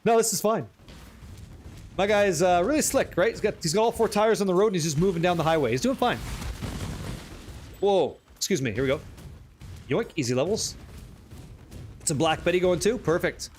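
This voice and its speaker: A man streaming a game live, chatting with viewers in an excitable, casual way and swearing freely. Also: sits high, brisk, pauses often, slight background noise. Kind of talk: live gameplay commentary.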